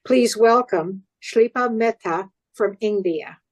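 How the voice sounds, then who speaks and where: Woman emcee, halting intros with fillers, video call. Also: mid-range voice, low-quality recording. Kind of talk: introducing performers.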